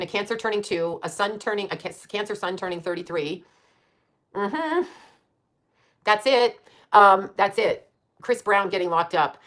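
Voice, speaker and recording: Fast-talking blunt, profane woman near sixty. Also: mid-range voice, a bit bright. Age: late 50s. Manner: quick, rambling, laughs at her own jabs. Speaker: channel host. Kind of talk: casual live-stream rant.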